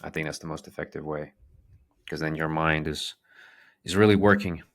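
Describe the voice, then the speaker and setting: A man's voice: extremely low pitch, fairly even intonation, normal speed, fairly bright tone. A man giving a language lesson, patiently drilling words and repeating them, with fillers and restarts as he explains. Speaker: language teacher.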